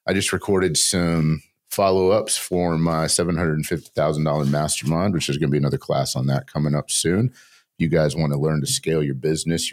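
An older man hosting a casual podcast, rambling and joking, barely stopping for breath. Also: extremely low pitch. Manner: rambling, jokey, talks without pause. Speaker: podcast host.

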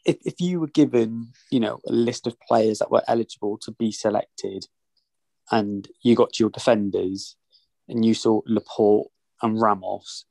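A man's voice: fairly low pitch, measured pace, gravelly, dark tone, no echo. Exasperated man, dry close sound. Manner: ranting, exasperated. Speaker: podcast co-host. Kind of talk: casual football chat.

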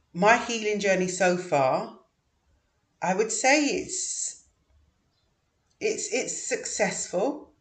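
Slow, earnest middle-aged man. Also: a little high. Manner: slow, measured, earnest, with frequent pauses. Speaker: vlogger sharing personal story. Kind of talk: reflective personal monologue. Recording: echoey room.

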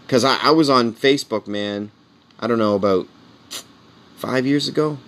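A man's voice: medium pitch, moderate pace, pauses often. A man in his forties, a comedian, talking in a casual, candid monologue and tossing in "man" and "you know" as he rambles. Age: 40s. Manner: earnest and heartfelt. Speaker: comedian podcast host.

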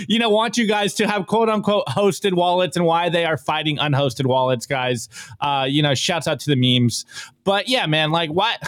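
A man with a somewhat high voice co-hosts a casual podcast, piling up opinions in a rambling, emphatic way. He leans on fillers like "like" and "you know" and laughs often. The sound is close and dry. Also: moderate pace, a bit bright, dry recording. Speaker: podcast co-host.

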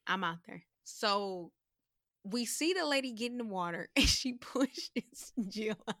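A woman co-hosting a podcast, telling a story in casual chat, animated and profane, acting out the voices of the people she quotes. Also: mid-range voice, unhurried, no echo, clean studio sound. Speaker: podcast co-host.

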